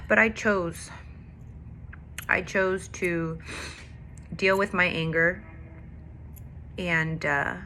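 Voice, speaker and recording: A woman with a bright, forceful voice pitched a little low speaks candidly about her struggles in a personal faith vlog. She tells her story in an emotional, confessional way. A faint hum sits behind her. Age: adult with a daughter. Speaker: faith vlogger.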